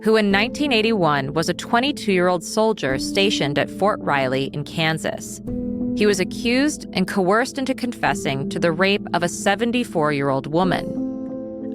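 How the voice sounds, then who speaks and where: Woman narrating over music. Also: mid-range voice. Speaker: podcast host. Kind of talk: scripted narration.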